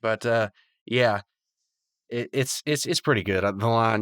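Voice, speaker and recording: Rambling low-voiced man recapping casually. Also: measured pace, a bit bright, smooth, dry recording, clean studio sound. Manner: rambling, chatty, many "like"s and restarts. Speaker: podcast host.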